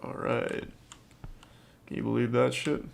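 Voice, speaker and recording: A man giving deadpan, sarcastic commentary while playing a horror game on stream, with sudden startled yelps at the scares. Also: mid-range voice, a little slow, vocal fry, a little hiss or hum. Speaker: gaming streamer. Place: home streaming setup on webcam.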